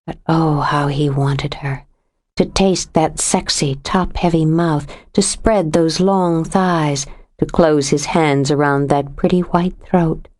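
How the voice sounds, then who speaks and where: A woman narrating a suspense audiobook in a steady, measured reading voice. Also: low-pitched. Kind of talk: scripted narration.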